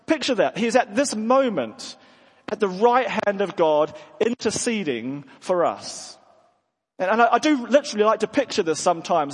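High-voiced preacher in an echoing hall. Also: male voice. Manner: earnest, with frequent restarts. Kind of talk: sermon. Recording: long hall reverb.

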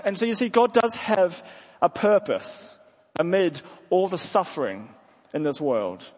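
A man with a high voice preaches earnestly, often stumbling over and repeating his words. The sound carries a long reverb, as in a large hall. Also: big pitch swings, unhurried, darkish tone. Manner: earnest, with frequent restarts. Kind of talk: sermon.

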